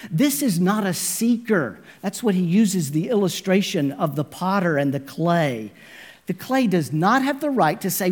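A man's voice: high voice, sing-song, unhurried, darkish tone. A man preaching a sermon with emphasis, calling his listeners friends. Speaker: pastor.

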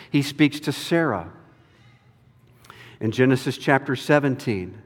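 A man preaching a sermon with an emphatic, deliberate delivery. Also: mid-range voice, lively intonation. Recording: long reverb of a large hall.

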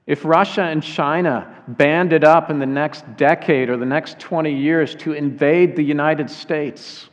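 A man preaching a sermon earnestly, slowing down to weigh key phrases. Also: fairly high pitch, steady tone. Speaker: pastor. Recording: dull sound with long hall reverb.

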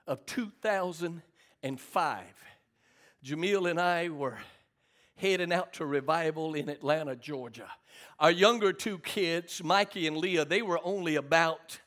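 Middle-aged male preacher, high and bright, storytelling sermon with call-and-response. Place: church sanctuary.

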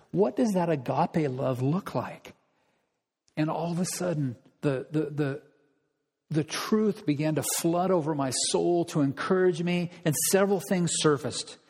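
Emphatic preacher in a reverberant hall. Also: male voice, a little high, normal speed, darkish tone, slightly rough. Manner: rhetorical questions, emphatic repetition. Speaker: pastor. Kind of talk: sermon.

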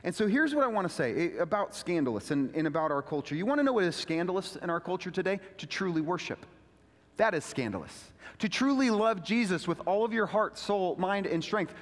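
A male pastor preaches with a high, bright voice. He swings between quiet, careful explanation and loud, fervent declarations. His voice rings out with a long reverb from a church sanctuary. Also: fairly quick. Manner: animated preaching, builds to loud fervent proclamation. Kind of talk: sermon.

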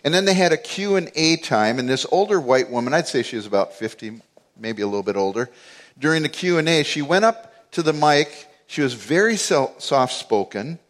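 A man's voice: on the high side, expressive, moderate pace. A man preaching a sermon, mostly conversational and rising to emphatic peaks. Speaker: pastor.

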